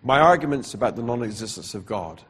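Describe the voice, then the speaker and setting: A man giving a dramatic personal testimony as a preacher, slow and deliberate with pauses, and coughing now and then. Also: medium pitch, expressive, slight background noise. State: coughing repeatedly.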